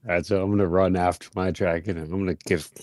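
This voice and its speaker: A man's voice: low voice, fairly even intonation, fast talker, darkish tone, dry recording, studio quality. A man playing a tabletop game, talking loosely and chattily with frequent fillers. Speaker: player. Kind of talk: casual tabletop game play.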